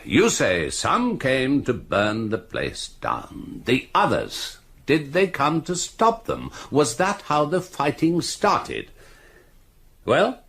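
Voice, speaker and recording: A gravelly, blustering old police chief. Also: male voice, mid-range voice, huge pitch swings, slow, exaggerated voice. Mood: irate. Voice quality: gravelly, husky. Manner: blustering, bullying, swings to shouting. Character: blustering older male chief constable, hot-tempered. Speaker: chief constable. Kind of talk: radio drama acting.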